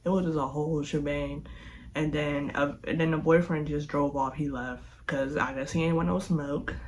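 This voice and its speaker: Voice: mid-range voice, moderate pace, a little hiss or hum, low-quality recording. A young adult vlogger telling a personal story casually, acting out quotes and filling gaps with "like" and "da, da, da.". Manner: animated, acts out quotes, says "like" and "da da da" a lot.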